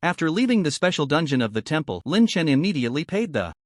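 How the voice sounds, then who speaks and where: Animated man narrating a story. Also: fairly high pitch, fast talker, no echo, studio quality. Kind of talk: scripted narration.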